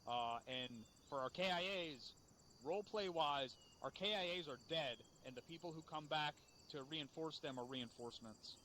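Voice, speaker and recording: A man's voice: a little high, moderate pace, bright, forceful tone, slight background noise. A man leading a game unit's after-action debrief, blunt and profane as he scolds. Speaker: unit leader.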